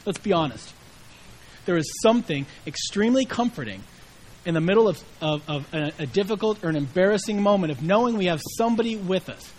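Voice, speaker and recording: A man's voice: high-pitched, lively intonation, fairly quick, a little hiss or hum, rough recording. A middle-aged man preaching a sermon in a conversational way, acting out the quoted voices with inflection. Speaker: pastor.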